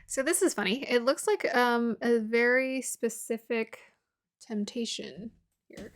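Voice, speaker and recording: A woman's voice: fairly high pitch, unhurried. A woman giving a casual tarot reading to her viewers, musing aloud, laughing often and sometimes dropping to a murmur. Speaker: tarot reader.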